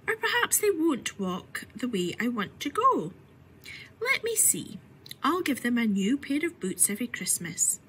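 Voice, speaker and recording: A curious little storybook girl, fretful and breathless, put on by a woman reader. The voice sits high and bright and swings a lot in pitch, often dropping into a hushed whisper. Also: wildly swooping pitch, a little slow, slight background noise, exaggerated voice, rough recording. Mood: musing.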